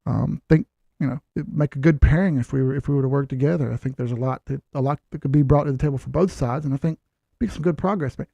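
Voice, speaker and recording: A man acting out a polite, formal job applicant who speaks quietly and measuredly. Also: medium pitch, vocal fry, dry recording, highs cut off, voice pushed down. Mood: polite, composed. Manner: soft, measured, businesslike.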